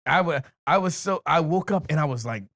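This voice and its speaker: A man with a raised, lively pitch tells a story on a casual podcast. He talks in an animated way, swears a lot and breaks into laughter often. The sound is close and dry. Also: fairly quick, no echo. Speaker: podcast co-host. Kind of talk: casual chat.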